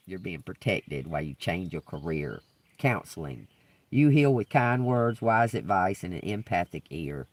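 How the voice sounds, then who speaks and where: A man's voice: sits low, sing-song, normal speed, distant mic. A man doing a live-stream tarot reading, talking casually, swearing freely and laughing often. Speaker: tarot reader.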